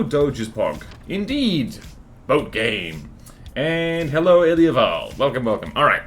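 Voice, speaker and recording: A young male streamer with a mid-range voice chats casually on a gaming livestream, with slight background noise. He rambles, jokes, mocks himself, and greets viewers in chat by name.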